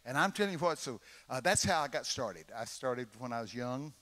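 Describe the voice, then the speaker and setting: A man's voice: mid-range voice, animated, brisk, a bit bright. A man in his eighties with a Texan accent, preaching a folksy, dramatic storytelling sermon. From Texas, USA. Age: 80s. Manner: folksy, dramatic, acts out voices. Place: large church conference hall. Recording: long reverb of a large hall.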